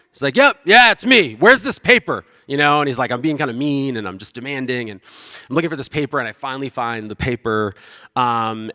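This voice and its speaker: Casual bright-voiced male pastor preaching. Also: medium pitch, big-room sound. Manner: casual, self-deprecating, acts out quoted voices. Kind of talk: conversational sermon.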